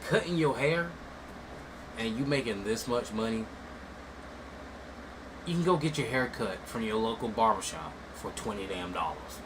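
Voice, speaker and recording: A man's voice: expressive, normal speed, pauses often. Blunt man ranting over air conditioner hum. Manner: blunt, mocking, swings from loud outbursts to low mutters. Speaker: commentator. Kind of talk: casual ranting commentary.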